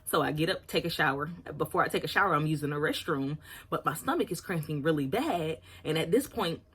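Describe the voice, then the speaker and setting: Woman, about 30, low husky voice, candid and chatty vlog storyteller. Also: animated, a little fast, a bit bright. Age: around 30. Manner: candid, chatty, apologizes for oversharing. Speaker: vlogger.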